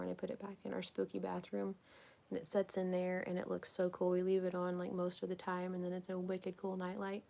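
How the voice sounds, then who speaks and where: Chatty woman with a gravelly voice. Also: lowish voice. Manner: chatty and rambling, often drops to a whisper. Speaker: crafting vlogger. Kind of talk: casual live-stream chat while crafting.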